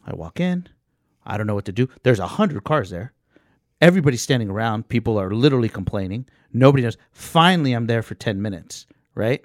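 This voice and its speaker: A man's voice: medium pitch, fairly quick, no room sound, studio quality. A man casually telling a long story as a podcast co-host, acting out the voices of the people in it. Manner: animated, acts out voices in the story.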